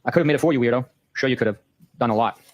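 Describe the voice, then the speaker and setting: A man hosting a show, reading a long exchange of text messages aloud in a brisk, matter-of-fact way. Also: mid-range voice, dry recording, dull audio. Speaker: host.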